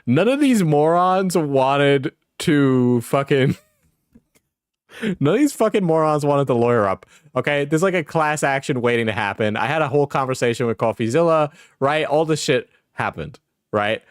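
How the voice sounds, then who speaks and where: A man's voice: on the high side, expressive, normal speed, smooth, no echo, clean studio sound. Mocking man streamer, laughing a lot. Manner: mocking, laughs often, swears freely. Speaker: streamer reacting to clips. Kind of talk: casual reaction commentary.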